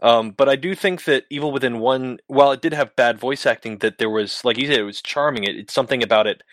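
A man's voice: mid-range voice, fast, a bit bright, dry recording. A man talking bluntly and casually about games, swearing now and then. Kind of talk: casual game discussion.

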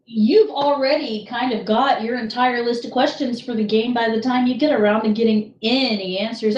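Louisiana woman, higher voice, roomy echo. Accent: Louisiana Southern. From Louisiana, USA. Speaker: podcast co-host. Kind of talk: casual game discussion.

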